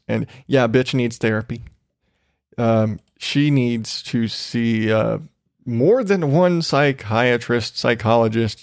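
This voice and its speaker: Guy hosting a podcast, ranting n swearing, laughs a lot, slow talker, dry close sound. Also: medium pitch, darkish tone, dry recording. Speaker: podcast host. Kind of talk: casual monologue.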